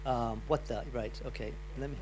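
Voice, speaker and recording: A man's voice: mid-range voice, fairly even intonation, normal speed, noisy background. A middle-aged man giving a loose, chatty health talk to a live audience, full of restarts and asides. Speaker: health speaker.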